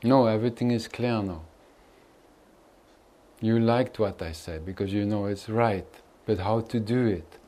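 Gentle, teasing spiritual teacher, a man. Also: on the low side, a little slow, poor audio. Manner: calm and gentle, turning to teasing and laughing. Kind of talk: addressing an audience at a gathering.

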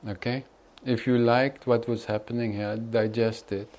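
Guy teaching a crowd of seekers, mid pitch, soft-spoken then joking around. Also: measured pace, low-quality recording. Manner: calm and gentle, turning to teasing and laughing. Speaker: spiritual teacher. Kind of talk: addressing an audience at a gathering.

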